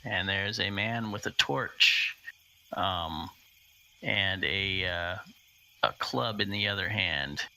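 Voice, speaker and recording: A man narrating a tabletop game as game master and explaining the rules, halting with many fillers and restarts. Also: deep voice, vocal fry, pushed and bright, rough recording.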